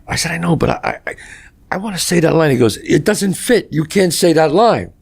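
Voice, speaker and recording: Gravelly storytelling man. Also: fairly high pitch, a little fast. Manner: animated storyteller acting out dialogue, swears freely. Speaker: guest actor telling stories. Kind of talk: casual podcast storytelling.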